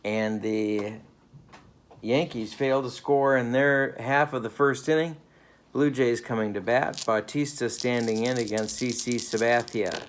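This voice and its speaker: A man's voice: medium pitch, steady tone, measured pace, a little hiss or hum. A man calling mock play-by-play for a tabletop baseball game at home, with dry, playful broadcaster patter. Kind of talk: mock radio play-by-play commentary. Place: home living room.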